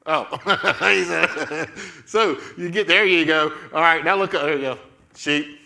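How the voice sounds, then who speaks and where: Male children's leader, slow and playful, coaching young actors through a Bible skit. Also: fairly high pitch, creaky, sharp tone. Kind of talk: playful Bible storytelling with kids acting.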